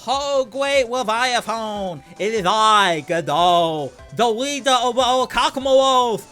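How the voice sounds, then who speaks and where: A man's voice: very high voice, expressive, takes it slowly, sharp tone, clear, resonant tone, soft background music, pitched above the performer's own voice, exaggerated voice. A man doing a drawling mock-Southern villain. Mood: grandiose. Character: creepy scheming male prosecutor, tongue out.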